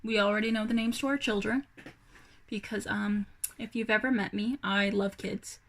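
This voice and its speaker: A woman's voice: medium pitch, fairly even intonation, normal speed, a bit bright. A young woman rambling through a casual personal vlog, hesitant, with many fillers and sighs. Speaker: vlogger.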